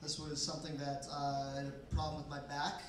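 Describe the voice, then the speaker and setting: A man in his twenties doing a stand-up comedy set with a dry, deadpan, sarcastic delivery at a comedy night in a bar basement. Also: fairly high pitch, a little fast, a little hiss or hum. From Canada. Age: 20s. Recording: echoey room, mic from far off.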